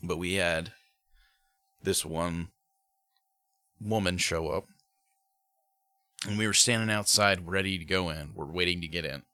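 A man in his thirties casually telling a story, acting out quotes in high voices. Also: unhurried, pauses often, bright, forceful tone, dry recording. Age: 30s.

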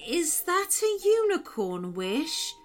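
A woman voicing a gentle, cautious female unicorn in a storybook, speaking calmly and questioningly. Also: very high voice, faint music behind, voice pushed up, exaggerated voice. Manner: calm, questioning, measured.

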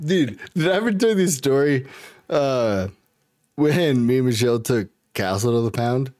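A man's voice: medium pitch, expressive, measured pace, a little mellow, no echo, clean studio sound. A young man co-hosting a comedy podcast in loose, profane, laughing chat. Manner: laid-back, swears a lot, laughs often. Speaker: podcast co-host.

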